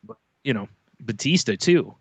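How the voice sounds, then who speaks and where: A man's voice: mid-range voice, lively intonation, moderate pace, no room sound. A man co-hosting a podcast, chatting casually with loose profane banter. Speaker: podcast co-host. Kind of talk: casual chat.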